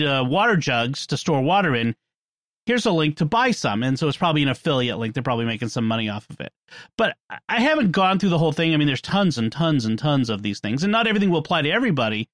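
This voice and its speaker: A man's voice: on the high side, fairly bright tone, no room sound. A man with a Boston accent hosting a podcast, chatting casually with jokes and frequent laughs. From New England. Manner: jokey, rambling, laughs often. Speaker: podcast host. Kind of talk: casual chat.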